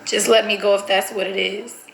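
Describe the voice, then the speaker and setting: A woman's voice: mid-range voice, level tone, moderate pace, vocal fry, a bit bright. A young woman vlogging casually to her viewers, chatty and giggly, talking straight to the camera. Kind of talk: casual vlog chat to camera. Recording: roomy echo with faint music.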